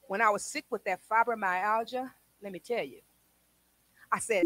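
A woman a sermon, testifying with swings from quiet talk to shouted praise. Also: medium pitch, normal speed, no room sound. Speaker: preacher.

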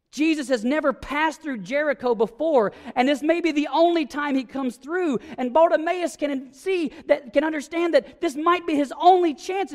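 A man preaching a sermon as pastor, telling the story vividly and building to emphatic declarations. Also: very high voice. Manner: vivid storytelling, acting out scenes; emphatic, rising to ringing declarations. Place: church sanctuary. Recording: long reverb of a church sanctuary.

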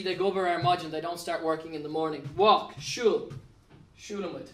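A man's voice: fairly high pitch, fairly even intonation, fairly quick, fairly bright tone, far from the mic, a little hiss or hum. A man with an Irish accent teaching an Irish language lesson at a whiteboard, patiently spelling out letters and walking through examples. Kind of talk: recorded classroom lesson at a whiteboard. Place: classroom with a whiteboard. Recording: echoey room, voice off-mic.

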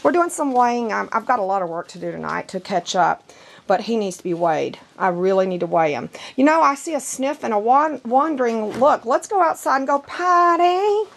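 A dog breeder, hoarse from laryngitis, rambles fairly quickly through a casual vlog in her outdoor yard, sliding into sing-song baby talk with her puppies. Her voice is medium in pitch.

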